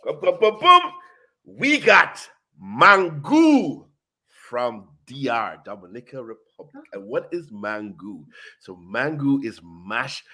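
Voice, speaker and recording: A man hosting a casual food chat, hyped and talkative, full of "you know" and "boom". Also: very animated, slow, pushed and bright. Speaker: show host. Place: South Florida.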